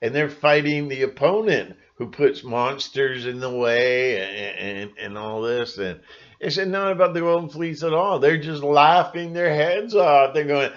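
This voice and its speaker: A man's voice: mid-range voice, animated, unhurried, lo-fi sound. A man in a rambling, emphatic monologue, full of restarts and asides, speaking to his channel's viewers. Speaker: channel host. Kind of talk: monologue to camera.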